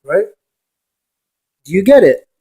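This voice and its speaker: Slow and sing-song, his high-pitched voice is mellow and slightly rough. The speaker, a paranormal investigator, rambles and preaches while arguing with the viewer through rhetorical questions.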